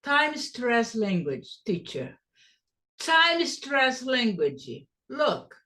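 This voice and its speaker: Lady teaching english stress, slow and a bit high, says phrases over and over. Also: very animated, bright, forceful tone. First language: Portuguese. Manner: repeats phrases slowly and fast to show rhythm. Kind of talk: pronunciation lesson.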